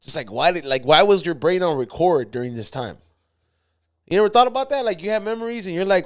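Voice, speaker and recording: A man's voice: sits high, fast. A man co-hosting a podcast, telling stories in loose, slangy casual chat. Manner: loose, slangy, animated storytelling. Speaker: podcast co-host.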